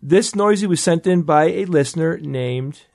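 A man's voice: fairly high pitch, moderate pace, creaky, darkish tone, no room sound, clean studio sound. A man co-hosting a casual panel chat, explaining things with enthusiasm and frequent restarts. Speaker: podcast co-host.

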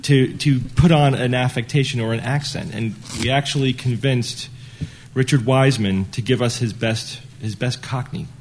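A man's voice: medium pitch, fairly even intonation, normal speed. A man hosting a live podcast on stage, joking and laughing often with his co-hosts. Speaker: podcast host. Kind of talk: live podcast panel banter. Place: on stage before a live audience.

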